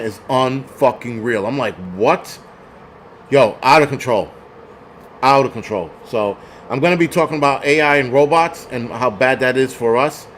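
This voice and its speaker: A man's voice: medium pitch, a little hiss or hum. Blunt, foul-mouthed man ranting on a livestream. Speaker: livestream host reading chat. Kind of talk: casual livestream chat.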